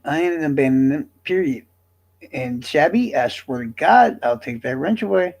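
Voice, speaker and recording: A man livestreaming, talking to his chat in a casual, profane, defensive rant that swings between loud and quiet. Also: on the high side, animated, moderate pace, creaky.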